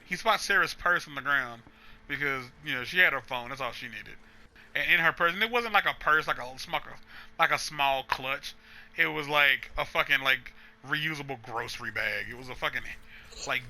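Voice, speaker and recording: A man's voice: medium pitch, pushed and bright. A man hosting a gaming channel, telling a rambling story full of swearing and asides while he plays. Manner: profane, rambling, many restarts and asides.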